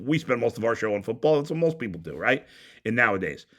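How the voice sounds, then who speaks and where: Heated, animated sports talk man. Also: medium pitch, fast talker. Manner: blunt and heated, stumbling restarts. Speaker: sports talk show host. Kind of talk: opinionated sports radio rant.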